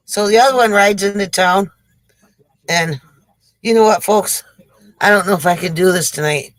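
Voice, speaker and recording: A man's voice: sits high, moderate pace, pauses often, a bit bright, no room sound, low-quality recording. Breathless man on oxygen telling jokes. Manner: chatty, addresses viewers as folks. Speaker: livestream joke teller. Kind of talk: casual livestream joke telling.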